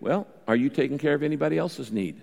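A man's voice: fairly high pitch, quick pace, gravelly, a little mellow, long reverb tail. A male pastor preaching a sermon in a conversational way, repeating his key points.

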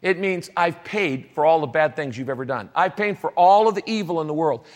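High-voiced man preaching in a hall. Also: animated, fairly quick. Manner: rhythmic preaching with repeated lists and phrases. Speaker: pastor. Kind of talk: sermon. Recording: long hall reverb.

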